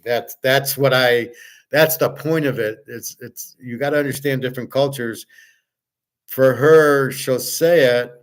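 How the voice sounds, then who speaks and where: A middle-aged man talks in a loose, rambling way at a middle pitch. He is blunt and repeats himself, doubling words as he goes and swearing now and then. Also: steady tone, unhurried. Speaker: host. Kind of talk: casual chat to viewers.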